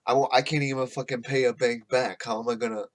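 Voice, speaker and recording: A man's voice: mid-range voice, steady tone, fast. Profane rambling man ranting casually. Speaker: podcast host. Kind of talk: casual rant.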